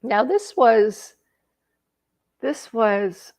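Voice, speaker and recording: Gravelly woman telling an emotional story. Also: mid-range voice, slow pace, a little mellow. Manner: emotional, tearful at times, many restarts. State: tearing up. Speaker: personal growth vlogger. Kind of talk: personal storytelling.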